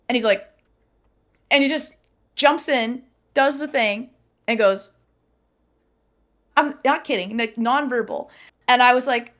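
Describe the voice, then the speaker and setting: A young woman in casual chat, telling a personal story with lively acted-out quotes and frequent laughter. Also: on the high side, a little slow, pauses often. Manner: animated storyteller, acts out quotes, laughs often. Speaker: podcast guest.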